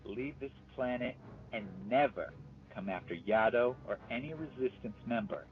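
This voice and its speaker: A man's voice: medium pitch, normal speed, narrow, tinny audio, natural voice. A man doing a brash, wry young rebel. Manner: casual, incredulous and brash.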